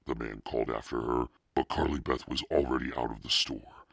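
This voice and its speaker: Man, audiobook narration, steady, bright tone, dry close sound. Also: a bass voice, brisk, creaky, breathy edge, no room sound. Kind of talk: scripted narration.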